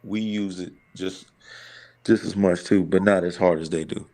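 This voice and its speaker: Deep-voiced American man. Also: steady tone, moderate pace, dark tone. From United States. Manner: confident, repeats words when starting. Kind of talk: casual group chat.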